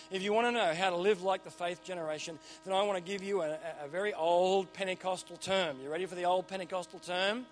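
A middle-aged Australian man preaching a sermon in a church, animated and joking with punchy repeated phrases. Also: high voice. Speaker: pastor.

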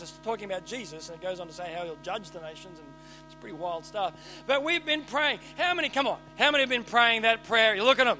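A man preaching a sermon, animated and emphatic, swinging between loud and quiet. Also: high voice, quick pace, faint music behind, poor audio.

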